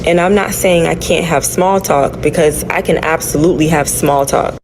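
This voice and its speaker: A woman talking reflectively about her life, pausing now and then to search for the right word. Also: low-pitched. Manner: thoughtful, searching for words. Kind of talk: reflective personal talk. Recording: clip with noise and traffic behind.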